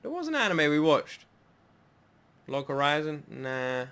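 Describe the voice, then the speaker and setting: A man hosting an anime reaction, chatting casually, excitable and swearing now and then. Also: a little high, unhurried, smooth.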